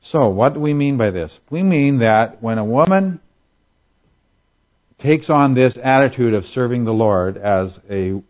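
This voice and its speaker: A man's voice: mid-range voice, darkish tone, lo-fi sound. A man preaching a sermon in a conversational way, asking rhetorical questions and acting out quotes for humor. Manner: acts out quotes in voices for humor. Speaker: pastor.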